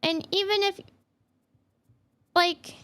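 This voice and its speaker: High, bright-voiced young woman streamer. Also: steady tone, takes it slowly. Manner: rambling and emotional, many "like" fillers. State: teary, near crying. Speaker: VTuber streamer. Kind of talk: casual livestream chat.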